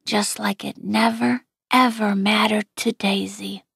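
Slow, husky woman reading a novel quietly. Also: mid-range voice, flat delivery, no room sound, studio quality. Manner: quiet, gentle, often near a whisper. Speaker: audiobook reader. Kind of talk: first-person novel reading.

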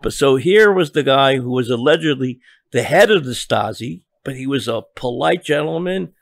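Older man recalling a story, gravelly voice. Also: mid-range voice, lively intonation, no echo, clean studio sound. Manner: halting, many restarts and repeated words. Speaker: interview guest, journalist. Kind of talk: storytelling in a podcast interview.

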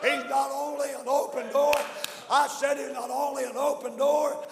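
A Southern American man preaching a fiery evangelistic sermon as pastor, shouting in refrains with frequent "uh" fillers. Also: very high-pitched, flat delivery, normal speed, vocal fry, in a large hall, crowd noise. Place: church sanctuary.

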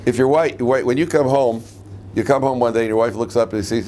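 A middle-aged rabbi teaches a room of students in a relaxed, joking way, often stopping to put questions to the class. His voice sits at an ordinary pitch for a man. A faint hiss of noise runs under the recording. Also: fairly quick. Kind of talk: humorous classroom lecture.

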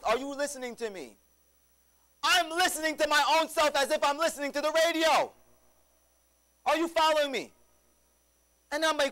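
A man's voice: very high-pitched, moderate pace, long pauses, bright, forceful tone, poor audio. A male preacher giving a sermon in a church, telling a story with lots of rhetorical questions to the congregation.

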